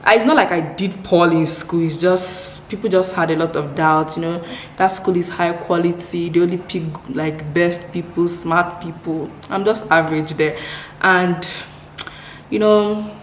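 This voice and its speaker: A woman's voice: lowish voice, fairly even intonation, moderate pace, a little hiss or hum. A woman from Nigeria in her twenties answering viewer questions in a casual chat, upbeat, often repeating words for emphasis. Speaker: vlogger. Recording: echoey room with faint ambience.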